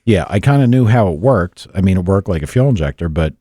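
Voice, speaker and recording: A man's voice: deep voice, expressive, fast talker, warm tone, dry recording. A man hosting a car podcast in a studio, rambling casually and swearing freely. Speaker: podcast host.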